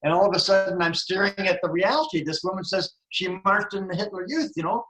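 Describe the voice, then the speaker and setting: A man's voice: sits high, fast talker, fairly bright tone, rough recording. A man in his seventies sharing an earnest, rambling reflection in a group discussion, full of restarts. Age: 70s. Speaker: forum participant.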